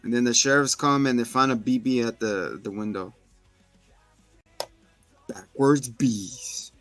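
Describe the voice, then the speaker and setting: A man co-hosting a podcast, retelling film scenes in an animated, slangy way. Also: mid-range voice, brisk, soft background music. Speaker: podcast co-host reviewing a film. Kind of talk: casual chat.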